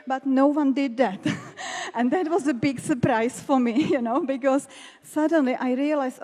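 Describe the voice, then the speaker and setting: A woman's voice: sits high, a little slow, few pauses, dark tone. A woman panelist, a doctor turned network marketer, telling her own story candidly on stage, laughing often and getting emotional. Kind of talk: personal testimony on a stage panel. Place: large hall at a business event. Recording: reverberant hall.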